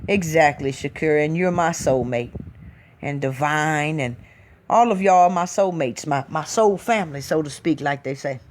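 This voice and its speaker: A woman's voice: low-pitched, moderate pace, darkish tone. Emphatic woman preaching to her listeners. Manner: emphatic, rhetorical, keeps asking "hmm?"; reads out listener comments. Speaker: spiritual talk host. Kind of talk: preachy casual live-stream talk.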